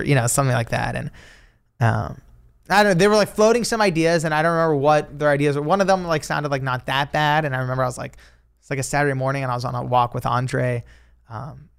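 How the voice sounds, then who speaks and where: A man guesting on a podcast as an author, telling stories casually, animated and laughing, with swearing and many filler words. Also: medium pitch, vocal fry. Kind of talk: casual storytelling.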